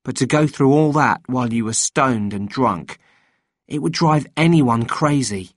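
A man reading a novel aloud in measured, steady scripted narration. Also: mid-range voice, no room sound, studio quality. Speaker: audiobook reader.

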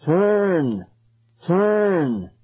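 Give me eerie ghost children chanting in a circle, as a man puts them on, slow and husky. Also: high-pitched, wildly swooping pitch, narrow, tinny audio, voice pushed up, heavily acted. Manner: chanting, murmuring.

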